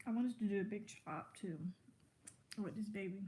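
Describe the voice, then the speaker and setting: A pregnant vlogger in her twenties talks to the camera while eating, drifting from one topic to the next and chatting between bites, already full. Her voice is mid-range and mellow, at a normal speed, with slight background noise.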